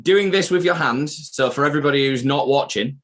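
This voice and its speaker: A man's voice: a little high, fairly quick, fairly bright tone. A man co-hosting a podcast live stream, chatting casually, swearing freely and rambling through anecdotes. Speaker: podcast co-host.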